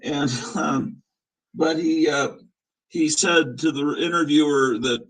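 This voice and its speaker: A man's voice: on the high side, fairly even intonation, slow pace, a bit bright, poor audio. A man in his fifties hosting a casual live-stream chat, rambling and opinionated, chuckling as he reminisces. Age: 50s. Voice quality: husky. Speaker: show host.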